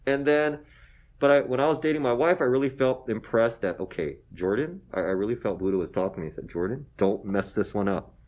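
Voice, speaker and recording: A man in his forties telling stories as an interview guest, animated and self-deprecating, often tagging "okay?" onto his lines and going soft and emotional when he talks about his wife. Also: mid-range voice, quick pace, highs cut off. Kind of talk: casual storytelling interview.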